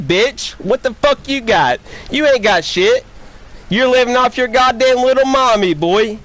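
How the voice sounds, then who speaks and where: Guy on a live game stream, high voice, cussing and taunting people nonstop, says the same thing like five times. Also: fairly bright tone. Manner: taunting, profane, confrontational ranting; repeats his jabs over and over. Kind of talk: trash-talking live-stream chat.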